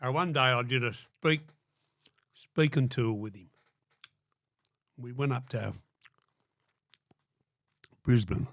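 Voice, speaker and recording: A man's voice: mid-range voice, takes it slowly, pauses often, a bit bright, no echo, clean studio sound. An older Australian man telling blunt, profanity-laden stories in a casual interview, acting out what people said. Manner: blunt, swears constantly, acts out quotes. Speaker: guest.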